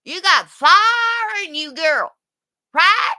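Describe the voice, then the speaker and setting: A woman putting on the voice of an older woman who cheers someone on loudly and sassily. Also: very high-pitched, expressive, slow pace, voice pushed up, exaggerated voice. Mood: cheering.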